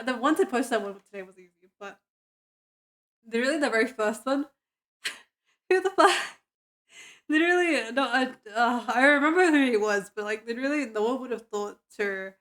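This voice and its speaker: A woman streaming without sleep, drowsy and muttering to herself with bursts of giggling. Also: fairly high pitch. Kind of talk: casual live-stream chatter.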